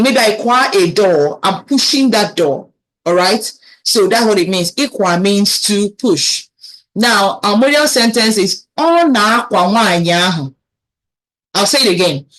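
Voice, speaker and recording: A woman with a Nigerian accent teaching a children's language lesson, patiently repeating phrases slowly for learners to echo. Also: medium pitch.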